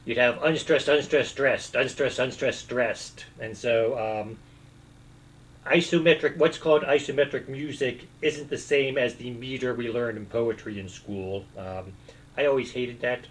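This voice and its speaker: A man with an ordinary mid-range voice talks in a loose, rambling way as the host of his own video. He hesitates a lot, restarts his sentences, and fills pauses with "um" and "uh." Now and then he slips into a few sung lines. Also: mid-range voice, fairly even intonation, rough recording. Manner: breaks into short bits of song. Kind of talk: casual rambling monologue.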